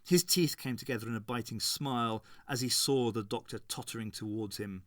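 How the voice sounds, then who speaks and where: Male audiobook narrator, mid-pitched, measured, dry studio-close sound. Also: a bit bright, no echo. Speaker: audiobook reader. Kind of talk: scripted narration.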